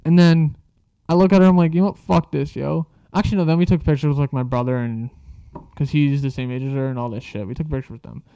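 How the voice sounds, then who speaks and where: A man's voice: mid-range voice, fairly even intonation, fast, dark tone, clear, resonant tone, no room sound, muffled recording. A young man telling a casual story, rambling and swearing freely, with lots of filler words. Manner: rambling, profane, filler-heavy.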